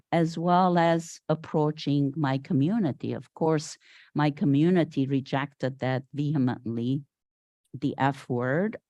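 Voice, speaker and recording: Low, slow older woman from Syria. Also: dry recording. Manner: animated storytelling, acts out quoted voices. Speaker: guest speaker. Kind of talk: storytelling talk at a Sunday service. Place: spiritual center meeting hall.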